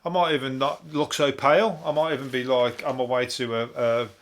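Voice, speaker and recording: A man with a Birmingham accent riffs through the news as a comedian host. He swears freely, laughs at his own jokes and drifts from one tangent to the next. His voice sits at an ordinary middle pitch. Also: fairly even intonation, brisk, fairly bright tone. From Birmingham, England. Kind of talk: rambling comic news monologue.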